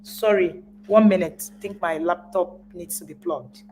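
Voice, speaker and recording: A woman's voice: lowish voice, moderate pace, a little mellow, a little hiss or hum, poor audio. A woman giving a live talk as a parenting coach. She speaks with emphasis, repeats phrases to drive points home, and acts out parents as she goes. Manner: repeats words when stressing a point.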